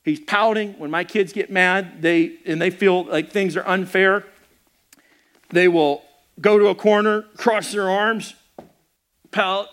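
A man's voice: sits high, takes it slowly. A middle-aged man preaching a sermon as a pastor, telling the story conversationally and acting out the people in it, with frequent restarts. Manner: animated storytelling with acted-out quotes.

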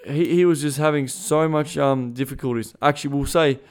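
A man's voice: on the high side, steady tone, a little fast, smooth. A man hosting a podcast as a sexuality coach, talking in a frank, emphatic and profane way, with many restarts. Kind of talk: casual monologue.

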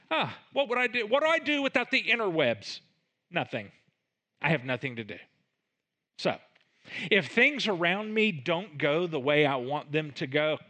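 A middle-aged man preaching a sermon, animated and self-mocking, with sudden loud outbursts. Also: on the high side. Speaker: pastor.

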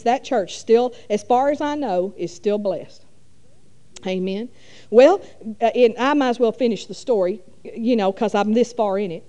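Middle-aged woman, warm mellow tone, folksy rambling church testimony. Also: fairly high pitch. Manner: folksy rambling with many fillers. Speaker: church speaker. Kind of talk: testimony storytelling.

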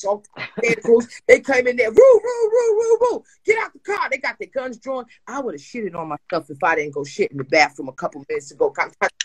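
Brief: woman, podcast co-host, husky voice, Jersey accent, lively comic storytelling, acts out the voices. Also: mid-range voice, rough recording. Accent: New Jersey. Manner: animated, acts out voices, laughs often. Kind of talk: storytelling chat, comic crime anecdote.

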